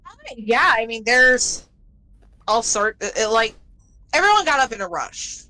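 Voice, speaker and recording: A woman narrating as game master of a tabletop game in a relaxed, easygoing way, with lots of fillers. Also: a little high, unhurried, rough recording.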